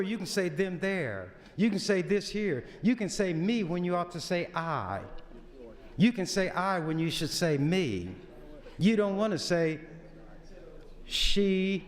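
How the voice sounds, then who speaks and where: A man who is a senator, giving a folksy, lecturing floor speech in a legislature. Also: sits high. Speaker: state senator. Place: large legislative chamber. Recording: long reverb of a chamber.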